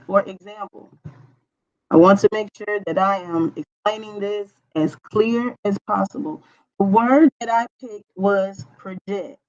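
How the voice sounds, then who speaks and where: A woman's voice: mid-range voice, highs cut off. A woman teacher walking students through a recorded grammar lesson, patiently checking understanding with frequent okays. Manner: hums to herself while typing on screen.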